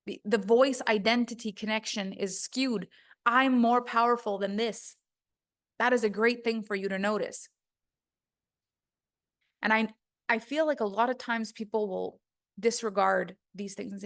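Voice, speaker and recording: A woman's voice: fairly high pitch, steady tone, unhurried, long pauses, a bit bright. Emphatic woman voice coach. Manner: earnest, emphatic, acts out students' inner voices. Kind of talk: online course teaching.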